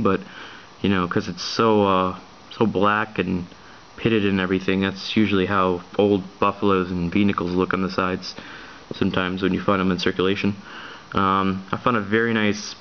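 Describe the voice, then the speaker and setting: A man casually showing off his coin finds in a vlog, talking in a hesitant, rushed way with lots of ums and restarts. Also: sits low, dull audio, a little hiss or hum. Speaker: coin collector vlogger. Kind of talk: casual show-and-tell vlog.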